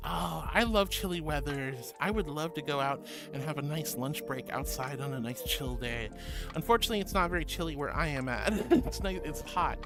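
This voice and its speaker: A woman's voice: deep voice, moderate pace. A woman streaming and reading her chat aloud, bubbly and sweet, calling viewers sweetie. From Florida. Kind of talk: casual chat. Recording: music playing behind.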